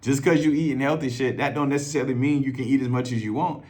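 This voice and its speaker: A man's voice: medium pitch, fairly even intonation, quick pace, a little mellow. A man in a casual, profane storytelling monologue, talking loosely and conversationally as a self-improvement coach. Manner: loose, profane and conversational, acting out others' voices.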